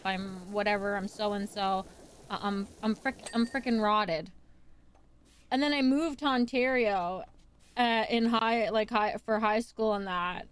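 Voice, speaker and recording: Chatty higher-voiced woman streamer. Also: slight background noise. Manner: rambling, swears casually, frequent restarts. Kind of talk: casual live-stream chat.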